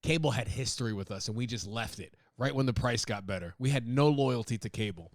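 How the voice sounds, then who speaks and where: A man's voice: mid-range voice, fairly quick, dry recording, clean studio sound. Rambling, cussing man on a podcast. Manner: profane, rambling, laughs at own jokes. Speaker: podcast host. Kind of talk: casual comedic monologue.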